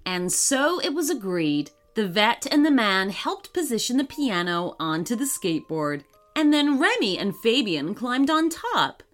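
A woman narrating a children's story in a gentle, expressive reading manner. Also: on the high side, measured pace, hardly any pauses. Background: faint music.

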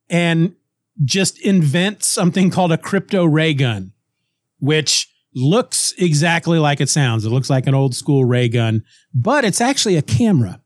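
Animated storytelling man, dry close sound. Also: fairly high pitch, dry recording. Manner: animated retelling, acts out characters' lines, frequent restarts. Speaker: podcast co-host. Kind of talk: casual chat retelling a comic story.

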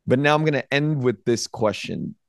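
A middle-aged man hosts a podcast in a loose, unhurried way, often stopping and starting his sentences. His voice is recorded close and dry, with no room sound. His pitch sits in an ordinary middle range. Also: creaky, dry recording. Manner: relaxed, hesitant, many restarts. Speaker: podcast host. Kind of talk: casual interview conversation.

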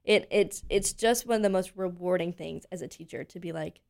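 Chatty young woman with gravelly edge. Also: lowish voice, fairly quick. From Pennsylvania, USA. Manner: chatty, animated storytelling with lots of fillers. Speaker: guest, voice teacher. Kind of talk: casual interview chat.

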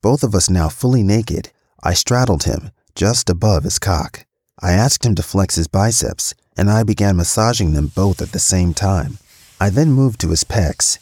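A man with a very low voice reads a first-person story aloud. His delivery is steady and matter-of-fact. The recording is dry and close. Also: moderate pace, breathy edge, no room sound. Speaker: podcast storyteller.

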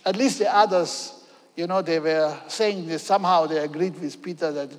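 A man preaching a sermon with emphasis, often pausing to check in with "okay?". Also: a little high. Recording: long hall reverb.

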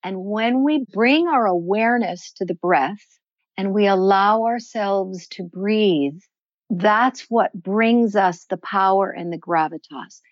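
A woman answering interview questions as a voice and performance coach, explaining in a measured, instructive way. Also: mid-range voice, no echo, muffled recording. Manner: measured, instructive, slows to stress points.

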